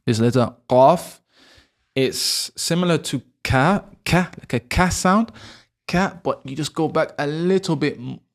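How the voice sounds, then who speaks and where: A man's voice: a little high, measured pace, fairly bright tone. A man giving a casual spoken lesson on Arabic letters, repeating throat sounds in an exaggerated way and correcting himself as he talks. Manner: self-correcting, chatty, laughs at himself. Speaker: Arabic teacher.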